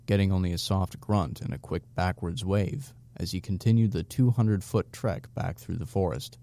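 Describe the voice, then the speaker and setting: A man narrating an audiobook in a steady, even storytelling voice. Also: low-pitched, normal speed, few pauses.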